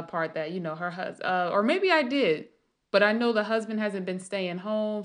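A woman writer with a mid-range voice rambles through a casual late-night monologue. She thinks aloud, with many restarts and thoughts that trail off.

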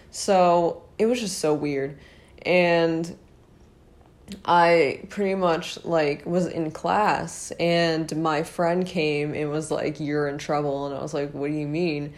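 Chatty young woman, slightly low voice. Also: a little mellow. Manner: chatty, rambling, full of fillers and asides to viewers. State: losing her voice. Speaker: vlogger telling a personal story. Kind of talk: casual storytime monologue.

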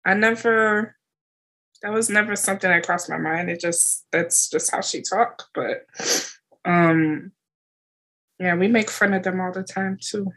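A woman co-hosting a casual podcast chat, speaking in a relaxed, reflective way. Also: medium pitch, measured pace. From Haitian family in the United States. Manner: relaxed, reflective, frequent backchannel murmurs. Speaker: podcast co-host.

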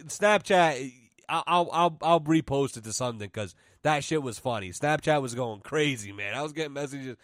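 A man's voice: medium pitch, normal speed, few pauses, a bit bright, no room sound, clean studio sound. A young man from New England hosting a casual podcast, telling a road-trip story full of swearing and laughing in the middle of sentences. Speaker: podcast host.

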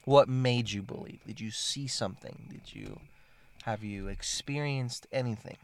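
A man's voice: medium pitch, a little slow, vocal fry, no echo. A man interviewing a guest in casual conversation, candid and chatty.

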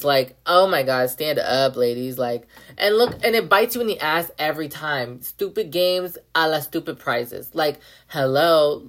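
A young woman hosting a podcast, ranting bluntly with lots of profanity, repeated phrases and "like" fillers. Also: sits low. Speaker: podcast host. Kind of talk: casual rant monologue.

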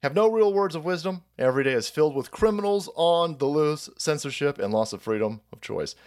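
Sarcastic, profane man with lively pitch. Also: brisk. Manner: laughs often between lines. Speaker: livestream host. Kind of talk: livestream rant.

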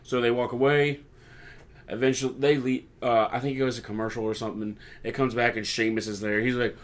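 A man's voice: medium pitch, flat delivery, brisk. A young man hosting a casual podcast, chatting through a wrestling recap and acting out lines he quotes. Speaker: podcast host.

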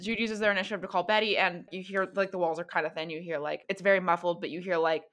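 A woman's voice: fairly low pitch, steady tone, fairly bright tone. A woman narrating as game master of a tabletop role-playing game, chatty and full of fillers. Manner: quick, chatty, lots of fillers.

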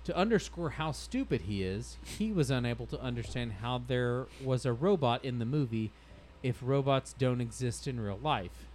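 A man's voice: medium pitch, expressive, normal speed, darkish tone, slight background noise, low-quality recording. A man hosting a casual podcast, reading stories aloud in a wry, amused way and laughing as he goes. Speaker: podcast host.

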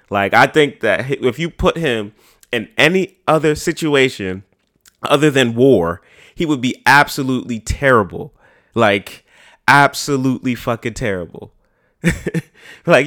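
New guy hosting his podcast, slangy and cussing, rambles a lot, mid pitch. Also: expressive, a little slow, fairly bright tone. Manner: slangy, profane, loose and rambling. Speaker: podcast host. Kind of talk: casual podcast chat.

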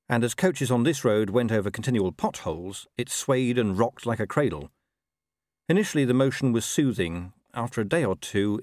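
A man narrating an audiobook in a scripted, expressive reading that shifts tone through the telling. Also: lowish voice, no room sound, clean studio sound.

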